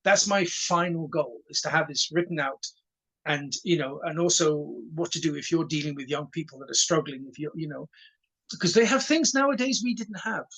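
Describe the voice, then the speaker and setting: Husky man in his sixties. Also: a little high, normal speed, rough recording. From Wales. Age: 60s. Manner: animated storyteller who stutters on repeated words and acts out dialogue. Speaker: karate instructor and guest. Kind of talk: casual storytelling interview.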